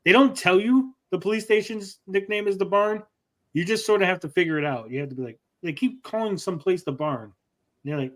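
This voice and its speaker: A man's voice: high voice, a little fast. A man hosting a casual comic book review, retelling the plot with sarcastic asides.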